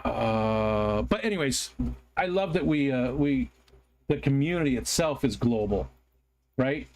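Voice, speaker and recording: An animated American livestream host with a medium-pitched, darkish voice speaks at a measured pace. He chats casually and reads viewer comments aloud, rambling and apologizing, with ums and restarts throughout.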